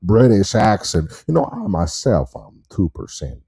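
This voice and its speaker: A man voicing a cranky old cartoon man who talks in a slow, pompous, self-satisfied drawl. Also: on the low side, sing-song, gravelly, mellow, husky, no echo, clean studio sound, full character voice.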